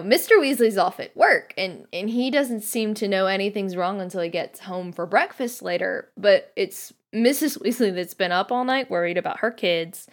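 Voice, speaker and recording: A woman guest hosting a podcast, talking thoughtfully and reading passages aloud, with frequent ums. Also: medium pitch. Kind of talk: podcast book discussion.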